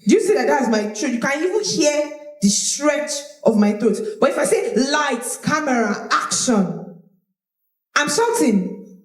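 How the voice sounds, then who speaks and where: Woman speaking coach, lively high voice, roomy live-workshop sound. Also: moderate pace. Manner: animated, demonstrative, repeats words. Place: large room with audience. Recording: roomy echo of a hall.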